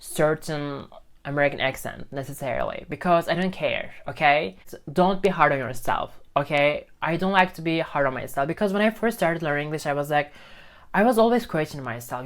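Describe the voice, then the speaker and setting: A man who teaches English films a casual lesson to a phone camera, talking emphatically, repeating himself, and often asking "okay?". His voice is on the high side, animated, fairly bright, and a little fast.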